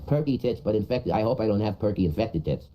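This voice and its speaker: Dark-voiced rambling man streaming. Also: lowish voice, lively intonation, quick pace, low-quality recording. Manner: rambling, crude, repeats himself. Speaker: livestreamer. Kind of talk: rambling livestream chat.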